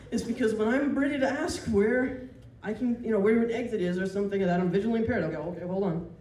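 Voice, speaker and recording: A man doing live stand-up, telling a story in a rambling, animated way. He often laughs as he talks and breaks off into asides and restarts. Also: high voice, brisk, far from the mic. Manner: self-interrupting with restarts and asides. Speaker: stand-up comedian. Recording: roomy venue taped from afar. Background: audience laughter and room noise.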